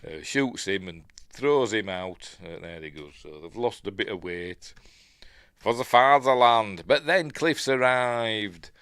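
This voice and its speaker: A man's voice: fairly low pitch, lively intonation, unhurried, fairly bright tone, clear, resonant tone, dry recording. A middle-aged man with a Yorkshire accent chatting casually through a film review, rambling with lots of fillers and chuckles. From Yorkshire, England.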